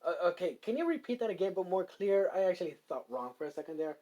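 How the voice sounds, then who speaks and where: A kind young man reborn as a slime, tender toward his friends and quick to get flustered. He stammers and hesitates, with a lot of filler words. A man plays him in a near-ordinary voice in a casual spoken fan story. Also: high-pitched, sing-song, mellow, dull audio, voice pushed up.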